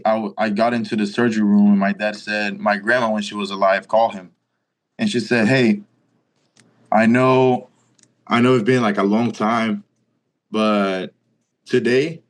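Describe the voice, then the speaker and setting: A young man in his twenties from Brazil, with a Brazilian accent and Portuguese as his first language, telling a story casually as an interview guest and acting out the dialogue. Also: lowish voice. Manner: animated retelling, acting out quoted dialogue, frequent "like".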